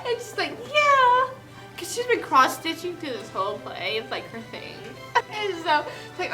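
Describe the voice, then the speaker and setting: A woman's voice: extremely high pitch, huge pitch swings, normal speed, music in the background. A woman telling a comic story recap, giggling often and acting out the characters' lines. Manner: giggly, acts out lines in voices. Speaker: host.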